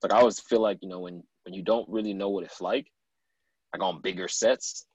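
A man's voice: low-pitched, steady tone, fairly quick, a little mellow, husky, no echo, highs cut off. A man, a guest actor, chatting casually and telling stories with lots of fillers. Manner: laid-back storyteller, lots of fillers. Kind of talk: casual chat.

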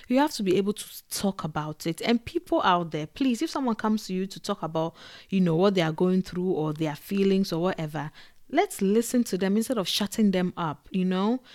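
A woman talking casually to camera as a vlogger, animated and digressive, full of fillers and quick laughs. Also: on the low side, no room sound, clean studio sound. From Africa. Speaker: vlogger and podcaster.

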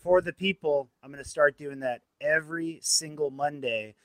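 A man co-hosting a sports podcast, telling stories in a loose, profane, animated way. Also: on the high side, normal speed, poor audio. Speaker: podcast co-host. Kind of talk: casual sports chat.

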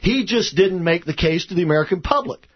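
A man hosting a talk radio show, opinionated and quick to push back on callers. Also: high voice, animated, husky. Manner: opinionated, stammers when interrupted. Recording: muffled radio broadcast.

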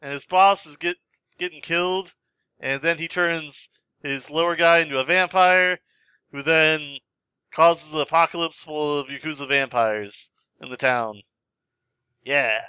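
Man, podcast host, teasing banter, somewhat high voice, casual movie chat. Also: a little slow, bright, forceful tone, clear, resonant tone, no room sound, muffled recording.

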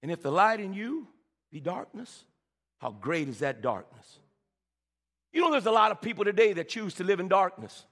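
A man's voice: high voice, big pitch swings, moderate pace, a bit bright. A male pastor preaching a sermon, calling out to the congregation and stammering into repeated words as he builds. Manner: preaching with frequent stammered repeats and call-and-response. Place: church sanctuary. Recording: reverberant church hall.

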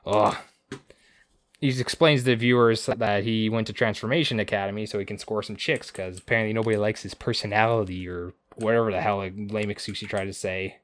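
Low-voiced man swearing through a recap. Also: fairly even intonation, a little fast. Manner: crude, swears a lot, rambling asides. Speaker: podcast co-host. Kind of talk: casual episode recap.

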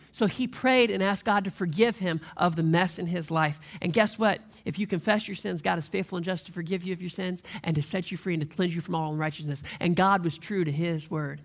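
A man's voice: high-pitched, vocal fry, fairly bright tone. A man preaching a sermon as a pastor, telling stories in a conversational way and asking the congregation rhetorical questions.

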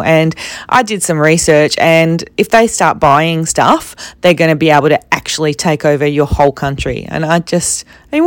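A woman's voice: low voice, moderate pace, dry recording. A young Australian woman telling travel stories in a chatty, casual way. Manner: chatty, animated when quoting others, soft when serious. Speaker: travel vlogger. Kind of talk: casual storytelling.

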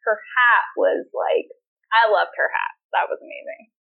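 A woman's voice: medium pitch, unhurried, vocal fry. A woman co-hosting a podcast in casual chat, enthusiastic and giggly. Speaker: podcast co-host. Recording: thin phone-like line.

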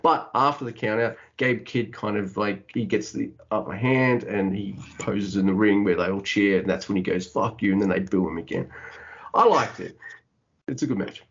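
A man's voice: lowish voice, normal speed, lo-fi sound. A man co-hosting a podcast, chatting casually and animatedly about wrestling, swearing often and acting out what the wrestlers said. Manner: animated, swears a lot, acts out wrestlers' lines. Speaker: podcast co-host.

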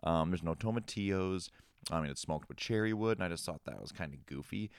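A young man with an extremely deep, smooth and resonant voice, talking in a relaxed, casual chat. He swears freely and laughs easily. The sound is dry and close, with no room echo. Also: a little fast. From Minnesota. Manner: laid-back, swears freely, laughs often. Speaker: hot sauce maker.

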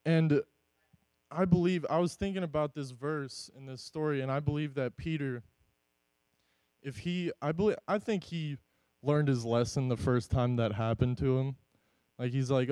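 A man's voice: a little high, moderate pace, mellow, dry recording, poor audio. A man giving an earnest, encouraging church devotional talk. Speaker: devotional speaker.

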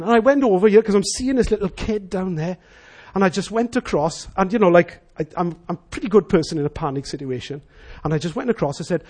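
A man's voice: sits high, fast talker, breathy edge. A middle-aged Welsh man preaching a sermon, telling stories and acting out the voices of the people in them. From Wales. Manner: animated storyteller acting out voices. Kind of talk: sermon with storytelling.

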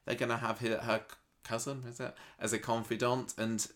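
A man's voice: mid-range voice, level tone, fairly quick, fairly bright tone. A British man co-hosting a podcast, chatting with opinions on the soap and laughing easily. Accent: British English. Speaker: podcast co-host. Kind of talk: casual soap recap chat.

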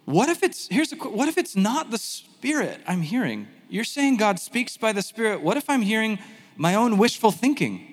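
A man teaching a sermon in a conversational, animated way, with self-deprecating asides. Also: high voice, normal speed, in a large hall. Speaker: pastor.

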